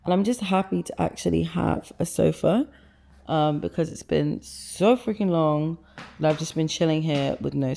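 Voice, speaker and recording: Chatty young woman, lowish voice. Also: vocal fry, dark tone, slight background noise. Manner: chatty, enthusiastic, many fillers. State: out of breath. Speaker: lifestyle vlogger. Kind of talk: casual vlog chat. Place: her apartment living room, indoors.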